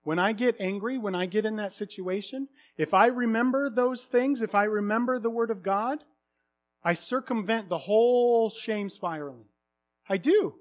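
A man in his thirties preaching a sermon, earnest, swinging from hushed confession to loud exclamations. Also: high voice, normal speed.

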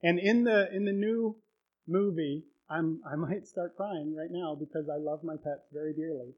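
A male pastor preaching a sermon, retelling a story with emotion and building to loud, heartfelt peaks. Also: on the high side, normal speed, highs cut off.

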